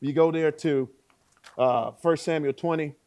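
In an unhurried, fairly high-pitched voice, a man preaches a sermon. He moves dramatically between loud outbursts and quiet words and asks his listeners rhetorical questions.

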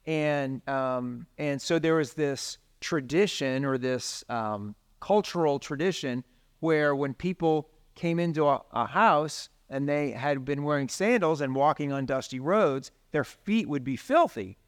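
A man's voice: a little high, measured pace, clear, resonant tone. A man preaching, talking casually with his listeners and reading scripture aloud. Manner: conversational, reads scripture aloud. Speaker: pastor. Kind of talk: sermon.

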